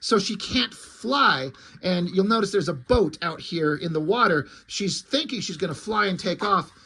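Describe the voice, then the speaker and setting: A man with a notably high-pitched voice talks through a comic review in loose, unscripted fashion. He is blunt and opinionated, swears without a second thought, and wanders off into ums and side remarks. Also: lively intonation, moderate pace, bright, forceful tone, slightly rough. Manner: rambling, with frequent ums and trailing asides. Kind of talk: casual review talk.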